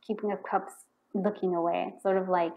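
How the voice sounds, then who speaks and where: Over a phone-quality line, a woman with a fairly low, fry-tinged voice speaks briskly through a pick-a-card tarot reading. Her delivery is loose and meandering, packed with fillers and false starts. She mutters the same questions while pulling cards, then perks up excitedly whenever one fits what she's sensing.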